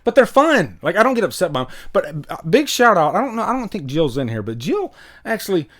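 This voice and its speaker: A man's voice: high voice, very animated, fairly quick, fairly bright tone. A man hosting a casual livestream, greeting viewers in the chat by name and rambling between topics. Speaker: livestream host. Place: home room with vinyl records.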